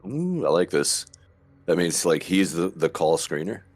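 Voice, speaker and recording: A man's voice: low-pitched, sing-song, unhurried, a little mellow. A man musing aloud as a player in a tabletop role-playing game. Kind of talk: casual tabletop game play.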